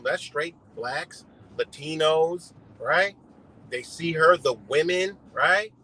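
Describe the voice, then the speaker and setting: A man's voice: a little high, pushed and bright, slight background noise, poor audio. A man doing a rambling, profane political rant on a livestream, talking outdoors beside a road. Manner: heated, rambling, heavy swearing. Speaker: livestream host.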